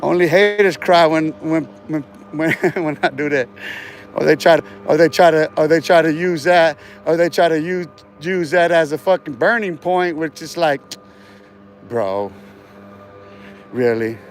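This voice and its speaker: Brief: male livestreamer, fairly high voice, loose swearing ramble, boastful, laughs a lot, restarts phrases. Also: a little slow, faint music behind. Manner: profane, boastful, laughs between remarks; trails off and restarts words often. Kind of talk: rambling casual livestream talk.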